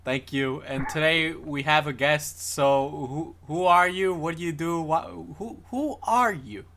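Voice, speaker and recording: A man's voice: on the high side, flat delivery, unhurried, gravelly, fairly bright tone. A man hosting a podcast, opening the show and asking the guest questions in a playful, rambling way. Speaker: podcast host. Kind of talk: casual podcast chat.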